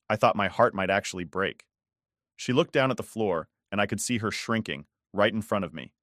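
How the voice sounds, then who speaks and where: A man's voice: on the low side, fairly bright tone, no echo, clean studio sound. A man narrating a first-person story in a casual, conversational way, swearing often.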